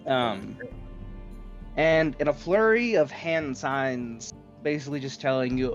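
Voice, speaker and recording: A man at an unhurried pace narrates a tabletop game as its dungeon master, his voice rising and falling in lively swings. He talks loosely, with plenty of fillers and laughter. His audio sounds dull and muffled, with faint music playing behind him. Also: mid-range voice.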